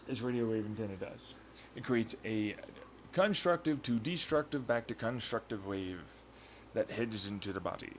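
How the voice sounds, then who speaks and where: A man hosting his own channel, talking through a rambling, excitable science monologue full of tangents, sound effects and swearing. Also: on the low side, slight background noise. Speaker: channel host.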